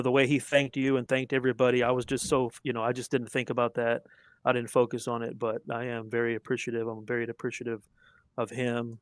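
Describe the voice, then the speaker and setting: Male debater, earnest, emphatic, dry close sound, mid pitch. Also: a bit bright, clean tone, no room sound. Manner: earnest, emphatic, quick to argue. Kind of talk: theological debate.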